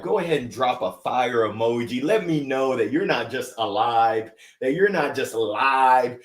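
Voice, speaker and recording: Energetic motivational man, echoey room. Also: mid-range voice. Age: 40s. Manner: energetic, hype, lively call-outs. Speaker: motivational speaker, host. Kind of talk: upbeat motivational livestream. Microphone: livestream setup.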